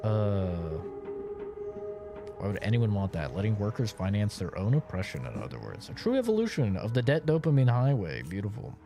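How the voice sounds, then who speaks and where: A man's voice: fairly low pitch, huge pitch swings, moderate pace, creaky. A young man streaming a game, rambling in casual, profane commentary and laughing often. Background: game music.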